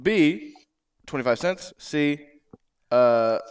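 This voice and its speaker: A man's voice: on the high side, expressive, takes it slowly, clean tone. A man co-hosting a livestream, playful and mock-earnest, talking in a put-on country drawl. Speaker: co-host. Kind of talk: livestream chat, reading a quiz.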